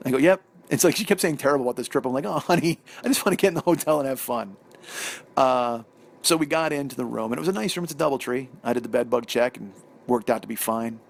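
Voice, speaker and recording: Comedian host with a gravelly voice and a middle pitch, telling a long story and voicing each part himself. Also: male voice, a little hiss or hum. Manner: profane, animated, acts out both sides of the dialogue. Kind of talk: solo storytelling monologue.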